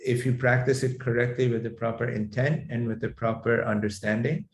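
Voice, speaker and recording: A man teaching a class on mantra healing, explaining in a measured way with frequent fillers and restarts. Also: mid-range voice, steady tone. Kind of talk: lecturing to a class. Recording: echoey room sound.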